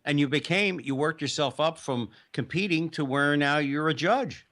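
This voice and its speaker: A man's voice: fairly high pitch, normal speed, fairly bright tone. A man hosting an interview, chiming in often with short replies and questions. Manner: frequent short backchannel replies. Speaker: radio interview host. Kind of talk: interview chat.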